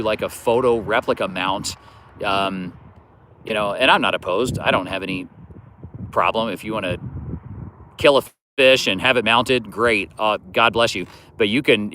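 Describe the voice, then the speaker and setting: Rambling easygoing man, bright voice. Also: on the low side, a little hiss or hum. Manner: easygoing, rambling, many fillers like "you know". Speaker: fishing livestream host. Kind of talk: casual livestream chat reading comments.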